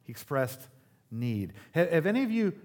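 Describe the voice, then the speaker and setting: A man's voice: fairly high pitch, very animated, normal speed, a little mellow. A man preaching a sermon to a church congregation, conversational and joking, with sudden emphatic rises. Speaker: pastor. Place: church service.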